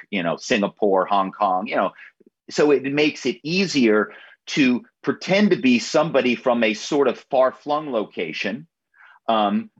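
A man talking as an author and guest in a radio interview, often halting and repeating words as he starts. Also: mid-range voice, slightly rough, muffled recording.

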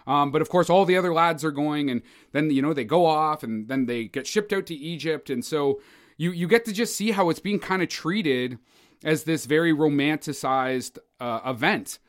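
A man from Canada co-hosts a casual podcast about old films. His voice sits a little on the high side, and he rambles with fillers and false starts. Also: moderate pace. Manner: rambling, many fillers and restarts. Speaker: podcast co-host. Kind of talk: casual film discussion.

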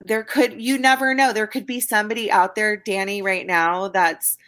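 A woman hosting a podcast interview, talking in an emotional, halting way with repeated words, near tears. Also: medium pitch, fairly even intonation, a bit bright. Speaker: podcast host.

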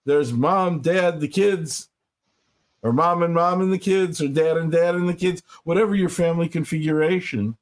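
An older man, a rabbi, talking earnestly in an interview and slowing down to stress his points as he tells stories. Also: fairly high pitch. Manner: earnest, storytelling, slows for emphasis. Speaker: rabbi, guest speaker. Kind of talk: reflective interview talk.

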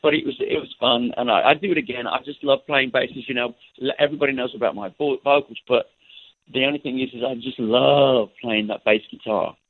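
An older man, a musician guest, talking in an effusive, warm way during a casual interview. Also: medium pitch, fairly quick, no room sound. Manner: effusive and warm about others. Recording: tinny phone line.

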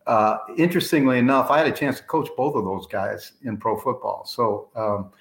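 Man, sports show host, animated storyteller, casual interview, echoey room. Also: medium pitch, normal speed. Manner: animated storyteller, swears stories are true. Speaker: podcast host. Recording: roomy echo.

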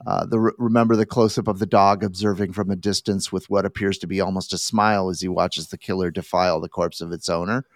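A man hosts a film podcast, reading out a prepared review with measured, slightly halting pacing. His voice is fairly low. The sound is dry and close, with no room around it. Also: steady tone, no echo. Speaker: podcast host.

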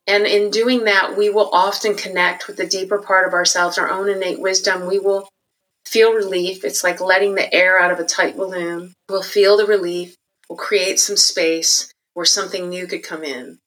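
Candid, reflective woman with a bright voice. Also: medium pitch, moderate pace, low-quality recording. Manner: candid and reflective, animated when quoting others. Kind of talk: personal storytelling interview.

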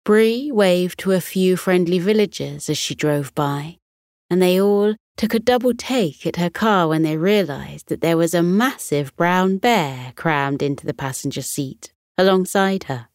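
British lady reading a bedtime story, low-ish soft voice, super slow and calm. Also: no room sound, studio quality.

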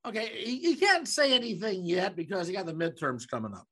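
A man co-hosting a podcast in casual chat. His voice is bright and sharp, and his pitch swings widely. He jokes and teases his friend as they talk. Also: expressive, fairly quick, slightly rough. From Omaha, Nebraska. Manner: joking, teasing banter. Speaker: podcast co-host.

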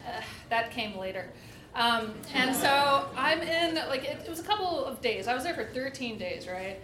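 In an echoey, noisy room, a woman with a high, animated voice shares a candid comedic story at a moderate pace. She keeps it casual, giggling and using "like" constantly.

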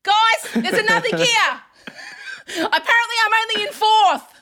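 A woman co-hosting a podcast in casual chat, animated and joking, slipping into mock voices for laughs. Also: very high-pitched, a little slow. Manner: animated, puts on mock accents for jokes. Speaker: podcast co-host.

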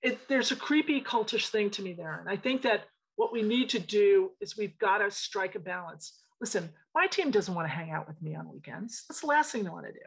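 Studio owner, woman, slightly husky voice; tells anecdotes with frank, lively emphasis. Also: medium pitch, brisk, few pauses, low-quality recording. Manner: animated storyteller, emphatic and frank. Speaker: interior design studio owner. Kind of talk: casual interview storytelling.

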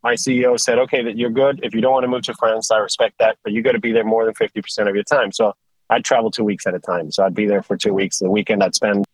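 A man from Sweden, a company executive telling stories casually on a podcast, animated and restarting his sentences often. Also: lowish voice, quick pace, dry recording, rough recording. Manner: animated storyteller with frequent restarts. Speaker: guest, tilt rotator company executive. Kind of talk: casual conversational storytelling.

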